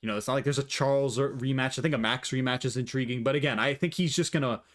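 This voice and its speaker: A man's voice: mid-range voice, fast talker. A man talking casually and profanely through his predictions, rambling and opinionated, on a desk mic. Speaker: MMA commentator vlogger.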